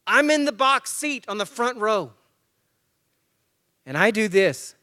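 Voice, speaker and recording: A guest speaker from Tennessee and Georgia, voice high for a man, takes his time telling a story to a live crowd at a church men's breakfast. He animatedly acts it out, alternating loud bursts with near-whispered asides.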